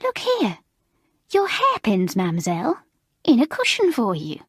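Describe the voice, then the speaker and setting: A woman voicing a bold, mischievous teenage schoolgirl who talks in a bright, teasing way. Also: a little high, wildly swooping pitch, measured pace, slightly rough, dry recording, clean studio sound, pitched above the performer's own voice, exaggerated voice.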